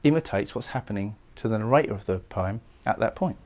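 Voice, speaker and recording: A man lecturing on a poem, explaining it thoughtfully and sometimes pausing to restart a phrase. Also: fairly low pitch, lively intonation, darkish tone. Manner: reads verse lines slowly and solemnly. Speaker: poetry lecturer. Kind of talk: recorded lecture analysing a poem.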